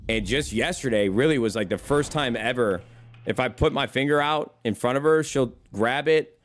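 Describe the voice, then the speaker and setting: A young man holds a meandering, casual conversation with his viewers during a live stream, swearing freely and calling them brother. He speaks at medium pitch and a normal speed.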